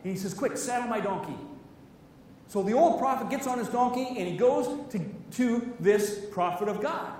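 A man preaching a sermon, telling Bible stories in a lively way and acting out the characters' lines. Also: very high-pitched, normal speed, hardly any pauses, a little hiss or hum. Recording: echoey hall, voice from far off.

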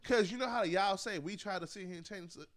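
A man in casual group chat, brash and profane. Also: high voice. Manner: brash, profane, fast-talking.

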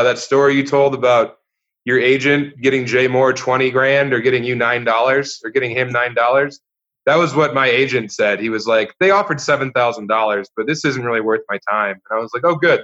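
Bright-voiced comedian guest on dull audio. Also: male voice, medium pitch, steady tone, fairly quick. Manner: easygoing anecdotes, chuckling as he talks. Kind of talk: casual chat.

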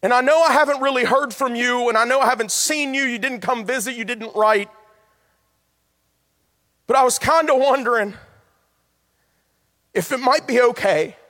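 A man's voice: extremely high pitch, bright, forceful tone, pitched above the performer's own voice, full character voice. A male preacher voicing an ashamed young ex-convict who pleads earnestly to be welcomed home, heard in a reverberant hall. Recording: long hall reverb, faint music.

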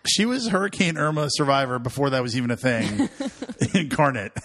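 A man's voice: mid-range voice, animated, fairly quick, a bit bright. A man co-hosting a podcast in casual comedic chat, joking and laughing often. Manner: joking, laughs often, puts on voices in stories. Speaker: podcast co-host.

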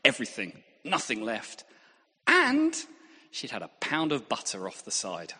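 A man preaches with a husky voice that swings up and down with lively pitch. He tells stories and jokes at his own expense. His words ring out with a long reverb from a big hall. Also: moderate pace. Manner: lively, self-deprecating humour. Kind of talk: sermon with anecdotes.

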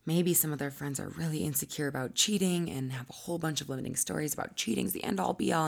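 A woman coach with a low, husky voice and a gravelly fry, speaking in a teaching monologue. She explains ideas at length and sometimes slips into soft, breathy asides. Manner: acts out quoted voices, drops to soft asides.

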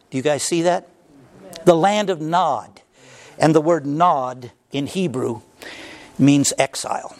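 A man preaching a sermon, swinging from hushed passages to loud, impassioned cries at the climaxes. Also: takes it slowly, long pauses. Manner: preaching with dramatic swings in pitch, crying out at climaxes. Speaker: pastor.

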